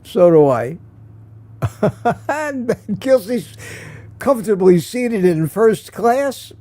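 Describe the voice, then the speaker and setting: A man's voice: high-pitched, big pitch swings, takes it slowly, dark tone. A man hosting a casual live morning stream, telling rambling stories, chuckling often and answering viewer comments.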